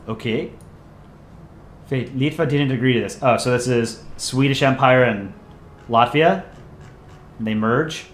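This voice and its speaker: This man's mid-range voice is expressive, and he speaks at a measured pace, pausing often. As livestream host and the channel's voice actor, he works through viewer messages with casual, rambling, self-deprecating jokes. The audio has a roomy echo with faint ambience.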